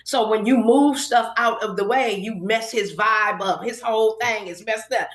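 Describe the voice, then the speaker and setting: Woman in her 50s from Inglewood, podcast guest, storyteller who acts out every quote, slightly high voice. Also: normal speed. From Inglewood, California. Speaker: guest hairstylist. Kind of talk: storytelling in casual podcast interview. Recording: roomy echoey room.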